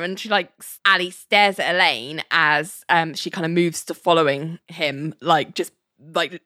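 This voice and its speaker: A woman's voice: lowish voice, fairly even intonation, moderate pace, sharp tone, no echo, studio quality. A woman casually recapping a show, chatty, acting out quoted lines and laughing often.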